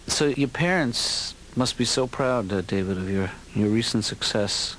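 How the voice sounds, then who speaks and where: An actor playing a soft-spoken middle-aged therapist, mild and unhurried. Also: male voice, mid-range voice, a little hiss or hum, close to an everyday voice, low-quality recording.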